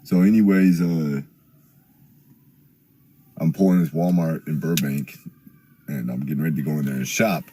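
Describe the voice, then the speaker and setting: A young man telling a rambling, profane story in casual chat, getting louder and higher as he gets worked up. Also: fairly even intonation, moderate pace, pauses often, slight background noise.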